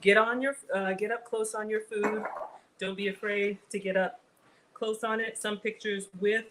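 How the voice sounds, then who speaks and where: A woman's voice: medium pitch, a bit bright, slight background noise, poor audio. A middle-aged woman hosting a casual cooking livestream, chatting with viewers, greeting them by name and laughing often. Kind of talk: casual live cooking chat.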